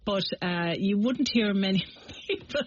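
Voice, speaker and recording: A woman co-presenting a radio discussion, talking with many pauses and restarts. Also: mid-range voice. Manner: hesitant, many uhs and restarts. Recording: dull lo-fi radio broadcast.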